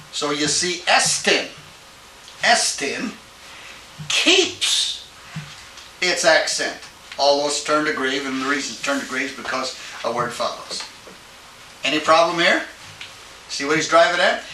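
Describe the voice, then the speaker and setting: Male language teacher, slow and methodical, bright tone, recorded from afar in an echoey classroom. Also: on the high side, far from the mic, slight background noise. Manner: explains step by step, asks checking questions. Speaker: Greek teacher. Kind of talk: classroom lecture.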